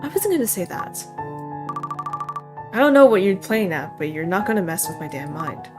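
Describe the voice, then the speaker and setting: A woman voicing a bitter, suspicious old woman in a visual novel, sharp-tongued and quick to curse. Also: mid-range voice, big pitch swings, natural voice. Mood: furious. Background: game music.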